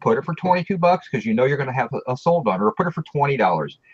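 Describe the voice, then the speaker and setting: A man talking casually about pricing, halting and repeating words as he explains. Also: mid-range voice, big pitch swings, husky, no echo, dull audio. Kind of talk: casual chat.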